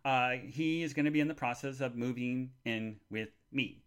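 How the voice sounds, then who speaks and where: A man hosting a live podcast, rambling with lots of fillers and restarts, excitable and bursting into joyful shouts. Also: mid-range voice, normal speed, hardly any pauses, clear, resonant tone. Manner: excitable, shouts and squeals with joy. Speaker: podcast host.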